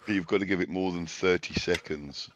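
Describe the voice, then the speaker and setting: A man's voice: low-pitched, fairly even intonation, a little fast, lo-fi sound, slight background noise. A man chatting casually with a friend during a game, teasing him and swearing freely. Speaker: friend and co-player. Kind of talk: casual gaming chat.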